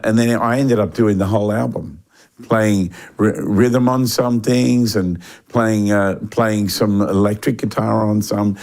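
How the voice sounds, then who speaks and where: An older man with an Australian accent, a musician guest telling animated stories and acting out the people he quotes. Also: on the low side. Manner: animated storyteller, acts out quoted voices, frequent restarts. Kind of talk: relaxed storytelling interview.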